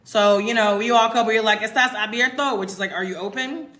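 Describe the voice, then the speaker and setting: An American expat content creator in her twenties or thirties chats casually with livestream viewers from her home in Mexico, talking straight to them with emphasis. She speaks fairly quickly in a mid-range, fairly bright voice, recorded on a phone.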